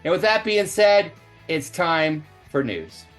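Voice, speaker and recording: A man's voice: on the high side, big pitch swings, slow pace, music in the background. Upbeat man hosting a fan podcast. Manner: upbeat, jokey, laughs often. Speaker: podcast host. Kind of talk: casual fan podcast chat.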